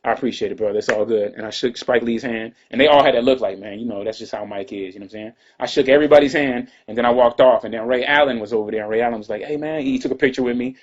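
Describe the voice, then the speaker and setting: Husky guy rattling off a story quick, laid-back, dull lo-fi sound. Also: mid-range voice, fairly even intonation. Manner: laid-back, repeats "you know what I'm saying". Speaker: interview guest. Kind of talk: casual storytelling. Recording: dull lo-fi audio.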